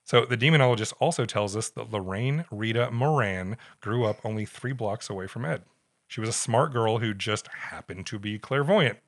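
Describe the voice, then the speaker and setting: A man's voice: lowish voice, normal speed. A man co-hosting a podcast, telling a story in a wry, casual way and reading quotes aloud. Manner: wry, reads quotes aloud with put-on voices. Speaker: podcast co-host.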